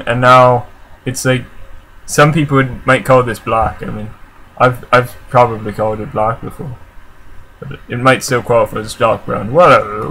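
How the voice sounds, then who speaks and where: Answering viewer comments on camera, a Canadian-accented vlogger rambles chattily with lots of fillers and restarts. His mid-range voice is creaky, pushed and bright, and the poor audio carries slight background noise.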